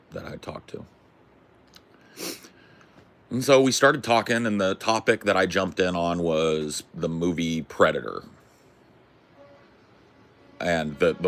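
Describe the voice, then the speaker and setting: A man hosting a podcast, telling a rambling story in a casual, profane, animated way. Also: low voice. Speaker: podcast host.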